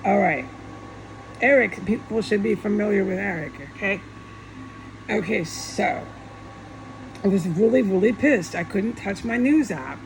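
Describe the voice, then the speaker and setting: A woman with a gravelly, creaky voice rambles through a monologue, agitated and swearing in heated outbursts. A faint air conditioning hum sits under her voice. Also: mid-range voice, low-quality recording. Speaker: vlogger.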